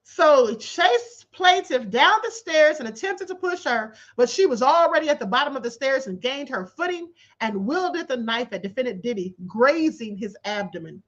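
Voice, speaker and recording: A woman's voice: sits high, expressive, normal speed, hardly any pauses, fairly bright tone. Woman host reading a lawsuit on stream, super sarcastic and in disbelief, voice bouncing up and down, kinda muffled lo-fi sound. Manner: incredulous and sarcastic, laughing in disbelief. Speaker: livestream host. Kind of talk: livestream commentary reading a court filing. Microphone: livestream setup.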